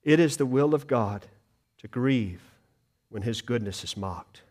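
A middle-aged male pastor preaching a sermon earnestly, moving between loud emphasis and hushed grief and asking the congregation questions. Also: mid-range voice, measured pace. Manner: asks the congregation rhetorical questions.

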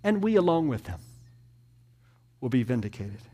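A man preaching a sermon, swinging from loud, rapid lists to hushed, near-whispered passages. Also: medium pitch, big pitch swings.

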